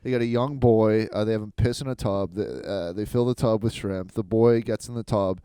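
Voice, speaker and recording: Comic co-host, man, lowish voice, deadpan delivery, dry close mic. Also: fairly quick, clear, resonant tone, dry recording. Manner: deadpan, absurd joking, swearing. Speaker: podcast co-host. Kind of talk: casual comedic chat.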